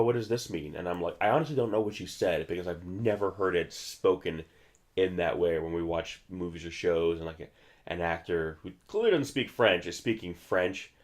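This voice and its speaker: A young man rambling casually while commenting on an old monster movie, with many restarts. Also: sits low.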